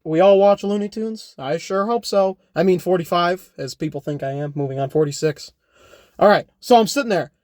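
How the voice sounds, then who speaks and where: A man's voice: high-pitched, normal speed, darkish tone, dry recording, studio quality. A young man rambling through an unscripted comedic vlog, joking and correcting himself, often tagging lines with "all right?". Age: young adult. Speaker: YouTuber. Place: home.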